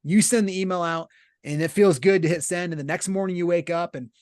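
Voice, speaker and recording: Podcast guest: a man with a fairly high voice, earnest and explanatory, recorded dry and close. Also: brisk, smooth, no room sound. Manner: earnest, explanatory, uses many rhetorical "right?" checks. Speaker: podcast guest, business leader. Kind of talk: casual conversational interview.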